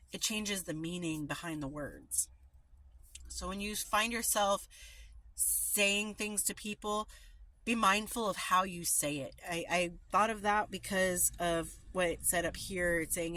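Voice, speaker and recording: A woman's voice: medium pitch, unhurried, pushed and bright. A middle-aged woman reading a daily recovery meditation aloud, then reflecting in an earnest, informal way with fillers. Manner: earnest, informal, with fillers in her own remarks. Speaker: recovery meeting reader.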